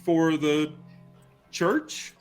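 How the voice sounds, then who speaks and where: A man's voice: fairly high pitch, extremely slow, clean tone, soft background music. A man playing a tabletop game, talking in a laid-back way. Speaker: player. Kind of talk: tabletop role-play.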